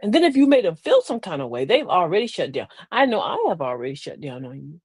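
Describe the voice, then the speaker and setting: A woman's voice: on the low side, very animated, fast talker, a little mellow, husky, no room sound. A woman hosting a live online talk show in a folksy, preachy way, calling her listeners beloved and laughing often. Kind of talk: live-stream talk with viewer shout-outs.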